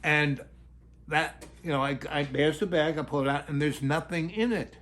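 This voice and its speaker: A man telling a long, rambling personal anecdote in a halting way, with many restarts. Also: fairly high pitch, fairly bright tone. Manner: halting, full of fillers and restarts, acts out quoted voices. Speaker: storyteller.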